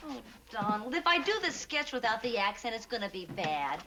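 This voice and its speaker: A flustered earnest young actress, stammery, high and bright. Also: female voice, big pitch swings, normal speed, a little hiss or hum. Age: young adult. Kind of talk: 1960s sitcom acting.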